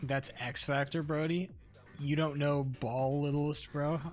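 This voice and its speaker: A young man streaming a game live, talking to his chat in a casual, profane and excitable way. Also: fairly high pitch, unhurried, faint music behind. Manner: profane, excitable, talks to chat between bursts of laughter.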